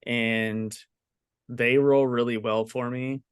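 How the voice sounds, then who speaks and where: Slow and flat in delivery, a mid-range, smooth-voiced man co-hosts a podcast as game master, chatting casually in an easygoing, rambling way with frequent laughter. The recording is dry and studio quality.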